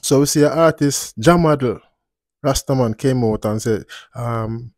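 A man's voice: medium pitch, unhurried, a little mellow, dry recording, studio quality. A man hosting a casual commentary vlog, talking in a laid-back, drifting way and often tagging on "you see me". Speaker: channel host and commentator.

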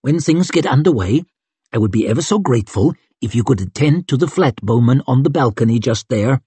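A man voicing a bold, towering woman warrior who speaks in loud, grand, theatrical declarations in an audiobook. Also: fairly quick, husky, no echo. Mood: grandly calm. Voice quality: loud, booming even in whispers. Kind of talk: audiobook character voice.

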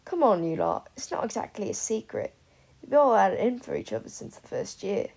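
A woman voicing a blunt, sharp-tongued teenage schoolgirl in an audiobook, with a husky voice. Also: mid-range voice, expressive, brisk. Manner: blunt, snappy.

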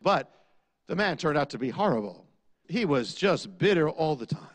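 A man preaching a sermon, asking rhetorical questions and dropping low on key lines. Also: big pitch swings, normal speed.

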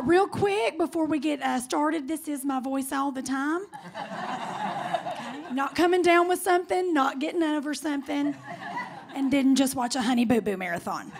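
Raspy Southern woman doing stand-up. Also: sits high, noisy background. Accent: Southern US (Kentucky). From Kentucky. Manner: sassy, drawling Southern storytelling. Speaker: stand-up comedian. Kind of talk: stand-up comedy. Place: comedy club stage. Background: audience laughter.

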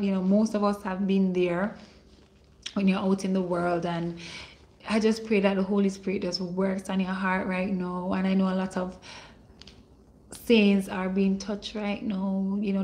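A woman minister hosts a livestream, speaking at medium pitch in a slow, warm, unhurried way. She greets viewers by name, blesses them and prays, making preachy, prophetic declarations along the way.

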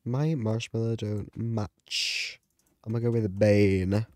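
A man giving casual gameplay commentary as a YouTuber, chatty and excitable, gasping and yelping at the game. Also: on the low side, takes it slowly, no echo, clean studio sound. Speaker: gaming YouTuber.

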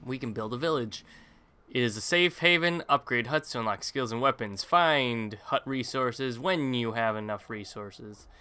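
A man's voice: medium pitch, normal speed, bright, forceful tone, smooth. A man casually commentating his own gameplay, rambling with jokey self-mocking asides. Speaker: gaming YouTuber. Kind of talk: casual let's-play commentary.

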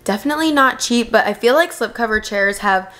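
A woman's voice: on the high side, lively intonation, a little fast, a bit bright. Young woman, home decor vlogger, gushing, enthusiastic voice-over. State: new mother. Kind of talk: voice-over product review.

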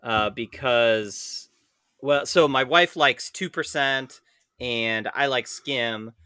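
A man with a bright, forward voice chats casually on a podcast, recorded close and dry. He sometimes reads a news piece aloud in an easy, conversational way. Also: medium pitch, takes it slowly, clear, resonant tone, dry recording. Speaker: podcast co-host. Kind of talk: casual chat.

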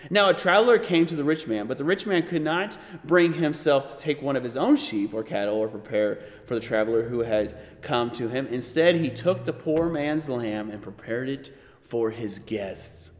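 A man leading a Bible study, teaching with animated delivery and often checking in with "right?". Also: mid-range voice, moderate pace, long reverb tail. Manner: animated, acts out quoted voices, frequent "right?".

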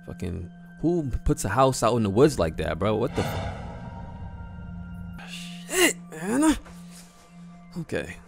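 Lively, jumpy young man reacting. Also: lowish voice, moderate pace, gravelly, faint music behind. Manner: excitable, nervous, swears freely. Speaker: host. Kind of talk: casual reaction commentary. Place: at home.

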